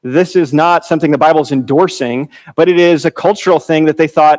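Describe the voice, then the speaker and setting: A man's voice: a little high, fairly quick, hardly any pauses, a little mellow. A man preaching a conversational Bible teaching, informal, with fillers, restarts and chuckles.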